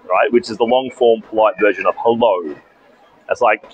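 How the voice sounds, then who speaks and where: A man's voice: medium pitch, fairly quick, husky, poor audio. A young Australian man casually telling a story to camera in a chatty vlog, outdoors at a bus station. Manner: chatty, animated retelling with asides. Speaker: vlogger.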